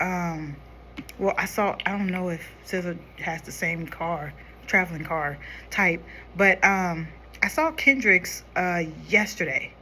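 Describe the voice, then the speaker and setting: Young woman, makeup vlogger, bright forward tone, easygoing chatter with quieter focused moments. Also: on the low side, slight background noise. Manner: chatty, talks to viewers while applying makeup, drops quieter when concentrating. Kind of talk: casual makeup tutorial chat.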